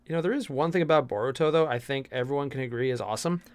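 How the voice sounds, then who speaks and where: A young man streaming while he paints miniatures, chatting with viewers in an animated, jokey way. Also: mid-range voice, rapid-fire, clean tone, no room sound. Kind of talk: casual live-stream chat.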